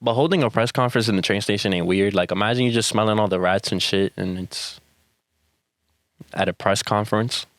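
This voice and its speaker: A man's voice: lowish voice, fairly quick, no room sound. A young man co-hosting a podcast, telling loose, profane stories in casual chat. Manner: loose, profane storyteller who acts out voices. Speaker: podcast co-host.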